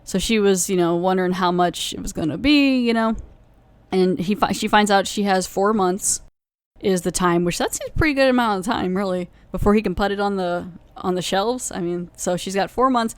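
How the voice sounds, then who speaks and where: A woman's voice: medium pitch, moderate pace, clean tone, dry recording. A woman hosting a podcast, casually recapping a TV episode in a rambling way, full of "like" and "you know" and self-corrections. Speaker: podcast host reviewing a TV episode.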